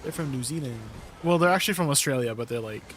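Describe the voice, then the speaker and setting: A man's voice: mid-range voice, quick pace, a bit bright, slight background noise. A man streaming live and chatting casually with his viewers, laid-back and laughing often. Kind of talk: casual livestream chat with viewers.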